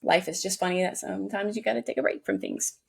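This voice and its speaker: A woman's voice: medium pitch, fast, vocal fry, slightly rough. A woman co-hosting a podcast, chatting casually and earnestly, often restarting her sentences. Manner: warm, earnest, stumbles and restarts. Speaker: podcast co-host. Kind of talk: casual chat.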